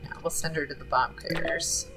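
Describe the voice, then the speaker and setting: A woman's voice: deep voice, steady tone, normal speed, music in the background, low-quality recording. A woman streaming a game, chatting casually and reading the game's text aloud as she thinks through her choices. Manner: chatty, thinking aloud with fillers between read-out passages.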